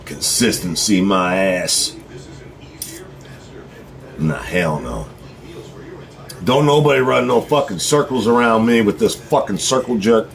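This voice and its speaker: A man's voice: lowish voice, expressive, slow, vocal fry, long pauses. A middle-aged man with a drawl delivering a blunt, profane ranting monologue to his viewers. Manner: blunt, heated, swearing freely. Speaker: vlogger.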